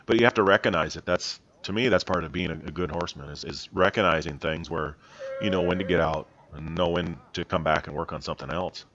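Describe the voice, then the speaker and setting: A man with a deep, low voice gives calm voice-over on his own riding footage as a horse trainer. He explains plainly and is open about his own mistakes. The sound is somewhat dull and lo-fi. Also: quick pace.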